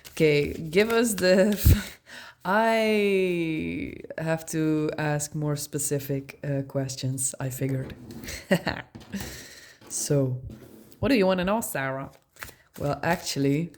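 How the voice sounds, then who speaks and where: Slow-talking musing woman tarot reader. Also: deep voice, darkish tone, a little hiss or hum. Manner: musing, laughs often, slangy. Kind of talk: casual tarot reading vlog.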